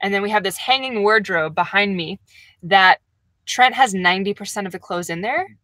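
A woman's voice: medium pitch, normal speed, a bit bright, no echo. A young woman hosting a casual livestream from a camper van, chatting and laughing as she reads viewer comments.

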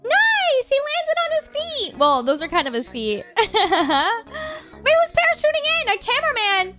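Very high-voiced, gasping woman reactor. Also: wildly swooping pitch, a little slow. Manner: gasping, emotional exclamations. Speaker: reaction video host. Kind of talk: reacting to animations. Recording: music playing clearly underneath.

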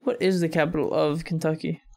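American male reactor, slightly high gravelly voice, rambling musing commentary. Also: steady tone, brisk. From United States. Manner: musing aloud, chuckling often, thinking out loud with fillers. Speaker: reaction video host.

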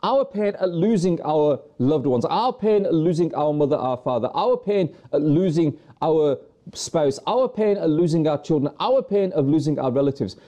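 Man, religious presenter, earnest preaching, rhetorical questions, deep mellow tone, lively rising and falling pitch. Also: moderate pace. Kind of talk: earnest religious talk to viewers.

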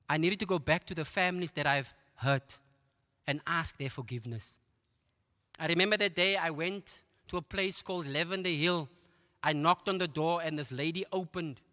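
South African man telling his testimony. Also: a little high. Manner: storytelling, animated, with quick asides and laughs. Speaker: guest speaker giving testimony. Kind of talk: testimony at a church men's conference. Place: church auditorium. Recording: long hall reverb.

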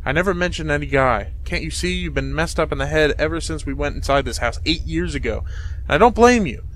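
Man voicing a scared, accusing game brother, slightly high voice. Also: expressive, brisk, fairly bright tone, slight background noise, low-quality recording. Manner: accusing, pleading. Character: frightened young man accusing his brother.

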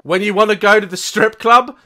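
A young woman on a headset, giving casual gaming commentary with crude jokes, giggles and loud exclamations. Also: medium pitch, brisk, background noise. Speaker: gaming video creator.

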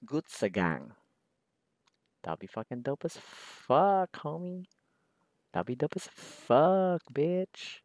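A man's voice: a little high, big pitch swings, slow pace, pauses often, darkish tone, no room sound. A man chatting casually while he draws, rambling in a slangy, profane, laid-back way. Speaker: artist drawing on camera. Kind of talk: casual chat while drawing.

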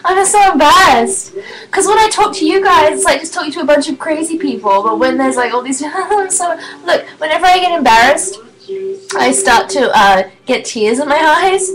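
A woman in her twenties chatting casually on her live stream, excitable, giggly and rambling. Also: high voice, moderate pace, crowd noise, low-quality recording. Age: 20s.

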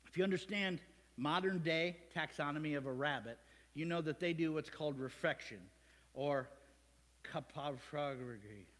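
Male pastor, high voice, chatty sermon full of jokes and rhetorical questions, long reverb. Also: fairly bright tone. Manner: conversational, joking, rhetorical questions. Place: church sanctuary.

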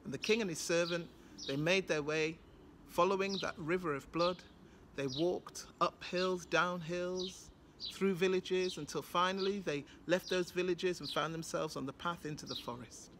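A woman's voice: fairly low pitch, moderate pace, a bit bright, slight background noise. A woman from Britain with a British accent, telling a folktale with rhythmic, dramatic repetition. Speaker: storyteller. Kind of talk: oral folktale storytelling.

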